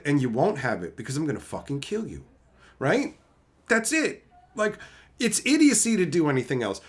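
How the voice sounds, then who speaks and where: Streamer guy ranting, high bright voice, swears a lot, super animated pitch. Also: normal speed. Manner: profane, mocking, swings into shouting rants. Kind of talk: casual livestream rant.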